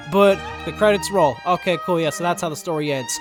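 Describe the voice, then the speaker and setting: A man's voice: on the high side, a little fast, faint music behind. A man giving a casual, sarcastic, profanity-laced recap of a game story as a reviewer.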